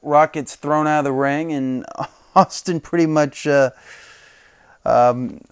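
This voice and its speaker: A man hosts a casual wrestling recap podcast, with a slightly raised pitch and a smooth, resonant voice. He rambles with fillers and chuckles, and breaks into animated quotes of the wrestlers. The sound is close and dry, with no room around it. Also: slow, no room sound. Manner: chatty, laughs often, quotes wrestlers in animated bursts. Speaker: podcast host.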